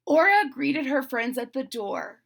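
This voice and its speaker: A woman reading a children's picture book aloud as a channel host, pausing to explain the pictures. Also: mid-range voice, expressive, vocal fry. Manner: slow, gently explaining the pictures. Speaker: storybook read-aloud host.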